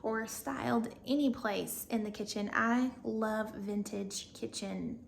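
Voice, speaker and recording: A woman's voice: on the high side, fairly even intonation, slow pace, gravelly. A young woman with a Southern US accent, chatting casually and bubbly in a home decor vlog, laughing often.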